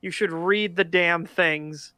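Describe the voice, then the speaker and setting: A man with a high, sharp, clear voice cuts in bluntly and swears dismissively. The recording is dry and close. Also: steady tone, slow pace, no room sound. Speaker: stream co-host. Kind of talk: reaction stream chat.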